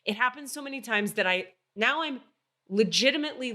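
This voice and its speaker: A woman hosting a podcast, telling a story in casual chat, animated and swearing freely. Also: fairly high pitch, fairly quick. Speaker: podcast host.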